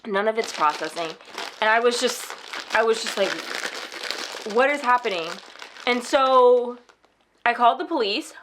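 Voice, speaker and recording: A woman with a high voice vlogs from home, still shaken and upset. She tells her story in a rushed, animated way, slipping into the voices of the people she met. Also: background noise. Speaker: vlogger. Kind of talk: casual storytelling vlog. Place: at home indoors.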